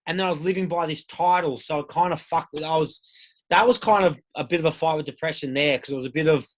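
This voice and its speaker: A man's voice: a little high, quick pace. Australian man telling his story candidly. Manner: candid, swears freely, acts out quoted voices. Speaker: podcast guest. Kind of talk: casual storytelling interview.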